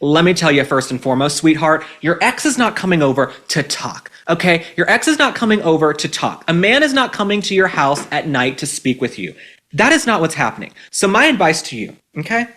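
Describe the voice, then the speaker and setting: A man's voice: a little high, very animated, brisk, bright, forceful tone. Sarcastic young man hosting a commentary show. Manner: sarcastic, emphatic, repeats points. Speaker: host. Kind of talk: opinionated commentary and advice.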